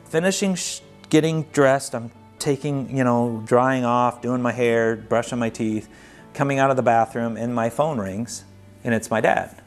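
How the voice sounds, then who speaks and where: A man's voice: medium pitch, measured pace. Earnest male storyteller, mid-range voice, conversational documentary narration over faint music. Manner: earnest, conversational, vivid retelling. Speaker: documentary narrator telling his own story. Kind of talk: personal storytelling.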